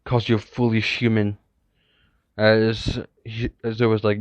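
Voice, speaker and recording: A man's voice: on the low side, level tone, measured pace, no room sound. A man casually narrating an improvised fan story, rambling and correcting himself with many asides. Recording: dull, lo-fi, dry recording.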